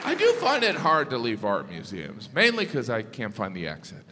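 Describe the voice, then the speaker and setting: Deadpan stand-up comic in a big theater. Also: male voice, moderate pace, over a noisy crowd, heavy background noise. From American Midwest. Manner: deadpan, with high mocking character voices. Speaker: stand-up comedian. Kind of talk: stand-up routine. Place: large theater stage. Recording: reverberant theater with audience laughter. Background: audience laughter.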